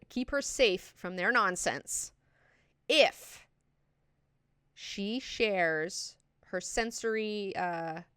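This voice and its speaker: A woman hosting a book club, retelling the story in a casual, animated way with plenty of swearing and fillers. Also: fairly low pitch, clean tone, no room sound, studio quality. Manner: animated, profane, lots of fillers.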